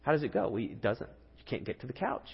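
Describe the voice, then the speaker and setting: A man's voice: medium pitch, lively intonation, fast talker, breathy edge. A man in his thirties preaching a sermon as a pastor, telling a story in an earnest, conversational way with rising emphasis. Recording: dull lo-fi audio with long hall reverb.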